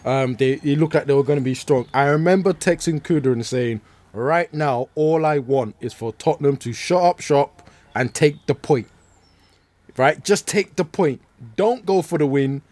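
A man hosts a casual football podcast, trading mocking, jokey banter with his co-host. His voice is a little high for a man. It is recorded close and dry, with almost no room sound. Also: normal speed, a little mellow, dry recording.

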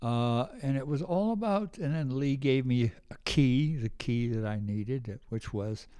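This is a guest musician, an older man, spinning meandering stories in a relaxed interview and frequently acting out the voices of those he quotes. He speaks unhurriedly in a mid-range voice with a dark, clear, resonant tone.

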